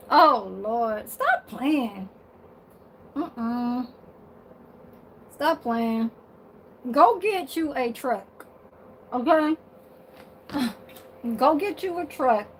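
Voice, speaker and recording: High-voiced sassy woman chatting to viewers. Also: animated, extremely slow, long pauses, a little hiss or hum, rough recording. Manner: sassy and blunt, swears, laughs often. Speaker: vlogger. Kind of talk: casual chat to viewers. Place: her bedroom.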